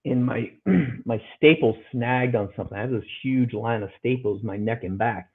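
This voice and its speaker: Over phone-like audio, a middle-aged podcast guest with a husky, medium-pitched voice talks at normal speed. With real earnestness, he recounts a difficult story and voices other people's dialogue in raised tones.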